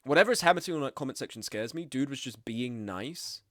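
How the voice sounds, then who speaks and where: A man, streaming and chatting casually, animated and blunt, with frequent swearing and mimicking of others. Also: fast talker, no room sound, studio quality. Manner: animated, swearing, acts out quoted people in higher voices. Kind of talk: casual live-stream commentary.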